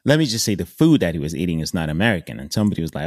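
A man with a very low voice co-hosts a podcast in a reflective way. He pauses with frequent ums and lets his phrases fade. The recording is dry and close. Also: very animated, no echo. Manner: reflective, many ums, trailing off softly. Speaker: podcast co-host.

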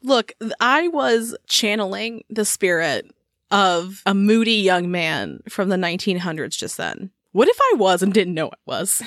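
Casual co-host, a woman, giggly and playful, animated pitch, recorded dry. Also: a little slow, dry recording. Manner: giggly, playful, breaks into silly voices and sound effects. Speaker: podcast co-host. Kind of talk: casual podcast chat.

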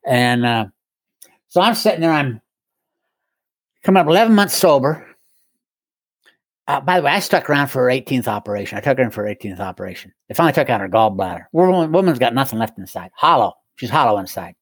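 A middle-aged man tells his story in an easygoing way, joking at his own expense and chuckling often. His voice sits at an ordinary pitch. The sound is dry and close. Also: animated, fast, no echo. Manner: wry, self-mocking humor with chuckles. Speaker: guest speaker in recovery. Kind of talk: casual storytelling.

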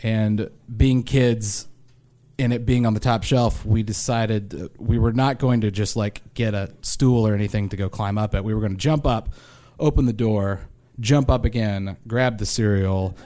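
A young man from Arkansas, a stand-up comedian telling wry, self-deprecating stories with animated impressions. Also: lowish voice, moderate pace. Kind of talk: stand-up storytelling.

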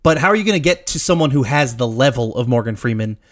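A man's voice: mid-range voice, animated, quick pace, no echo, studio quality. A man co-hosting a podcast, chatting casually and with enthusiasm, laughing easily and often restarting sentences. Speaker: podcast co-host. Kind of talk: casual chat.

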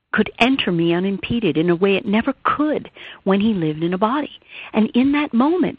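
A woman's voice: medium pitch, husky, no echo. A woman author and therapist, telling a personal story in an earnest, heartfelt way during an interview. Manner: earnest, heartfelt, rises and falls with emotion. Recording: tinny phone line.

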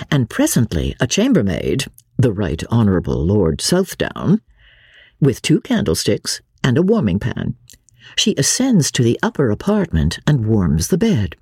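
A woman narrating a classic novel as an audiobook, with a close studio mic and an expressive reading that lifts her voice for the characters. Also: rumbling low, breathy edge, no room sound.

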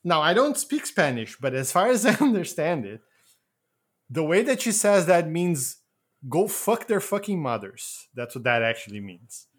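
A man's voice: on the high side, sing-song, moderate pace. A man co-hosting a casual movie podcast, joking and explaining slang with bursts of laughter. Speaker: podcast co-host.

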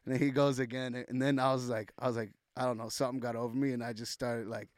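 A young man with an everyday mid-range voice, recorded close and dry with no room sound. He tells his stories in a loose, animated way, acting out what people said and stacking up fillers. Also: medium pitch, fast, no room sound. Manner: animated, loose storytelling full of "like" and acted-out quotes. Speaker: guest rapper. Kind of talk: casual podcast storytelling.

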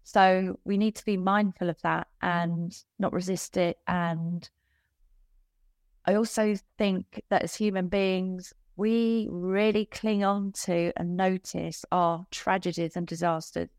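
A woman speaking as a business coach in a casual podcast interview, chatty and quick to laugh, with self-deprecating asides. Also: on the low side, fairly even intonation, a little mellow, dry recording, clean studio sound.

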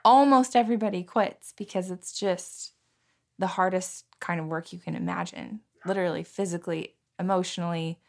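Low-voiced woman hosting an interview. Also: steady tone, moderate pace, creaky. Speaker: podcast host. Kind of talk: conversational interview.

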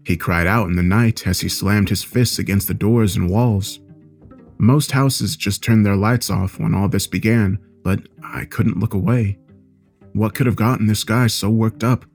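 A man reading a scary story aloud in a measured, steady storytelling voice. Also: on the low side, vocal fry, soft background music. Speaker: narrator. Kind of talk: scripted horror story narration.

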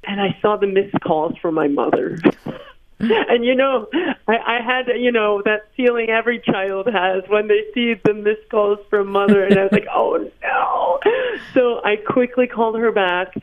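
A woman in her thirties, interviewed by phone, telling stories in an animated way and laughing often. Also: mid-range voice, moderate pace. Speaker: interview guest. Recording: tinny phone line.

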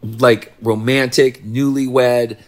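A man's voice: mid-range voice, fairly even intonation, slow pace. A middle-aged man co-hosting a podcast, chatting casually with dry, laid-back remarks. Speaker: podcast co-host. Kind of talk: casual chat.

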